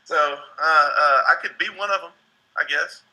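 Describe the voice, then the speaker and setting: A man's voice: on the high side, normal speed, sharp tone, poor audio. A man in his thirties from Tennessee, a stand-up comic, chatting casually on a live stream, profane and rambling, often laughing.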